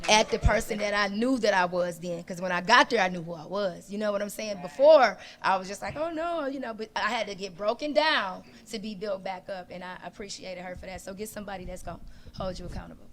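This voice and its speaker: Animated woman telling a personal story. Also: medium pitch, a little fast. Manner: animated storyteller who acts out dialogue. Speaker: panel guest. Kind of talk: casual panel talk.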